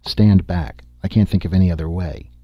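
A man reading an audiobook, voicing a steady, grim male expedition leader with a firm, commanding delivery. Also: low-pitched, normal speed, no room sound, lo-fi sound.

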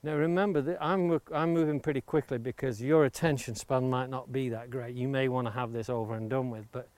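A woodcarving instructor gives a hands-on demonstration outdoors near the coast, showing how to shape a wooden blank with an axe, explaining every step and stressing safety. His mid-range voice is brisk and darkish with fairly even intonation, and there's no room sound. Axe chops and clicks are clearly audible behind him.

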